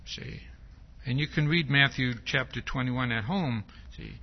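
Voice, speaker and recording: A man preaches a sermon in a mid-range voice at a measured pace, punctuating his points with a recurring "see?" He is emphatic and acts out quoted lines, and the lo-fi recording sounds dull.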